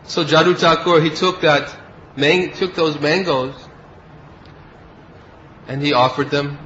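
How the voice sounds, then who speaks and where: A man's voice: on the high side, fairly even intonation, takes it slowly, a bit bright, muffled recording, slight background noise. A man giving a devotional lecture as a spiritual teacher, telling stories and acting out the quoted speech of the people in them. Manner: storytelling, acts out quoted speech.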